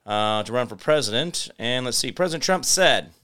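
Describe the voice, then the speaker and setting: A man's voice: medium pitch, lively intonation, moderate pace, bright, forceful tone, clean tone. A man hosting his own show, rambling through live commentary and talking straight to viewers. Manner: rambling, digressive, talks to viewers and pets. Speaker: show host.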